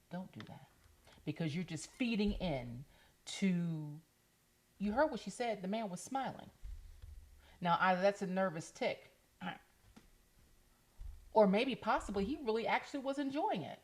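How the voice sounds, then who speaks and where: A woman's voice: on the low side, lively intonation, normal speed. A woman hosting a reaction video, firmly advising viewers. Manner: emphatic, advising. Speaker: reaction channel host. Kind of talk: reaction commentary.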